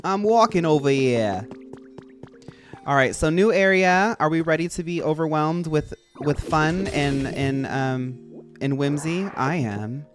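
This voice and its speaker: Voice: mid-range voice, unhurried, faint music behind. A streamer chatting casually while playing a game, rambling and full of filler words. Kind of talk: casual gameplay chat.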